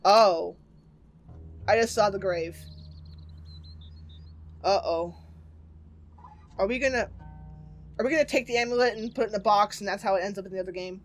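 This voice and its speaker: A woman's voice: medium pitch, normal speed, pauses often, soft background music. A woman playing a horror game and commenting casually, chatty and reactive, with jokes and swearing. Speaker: game streamer. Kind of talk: let's play commentary.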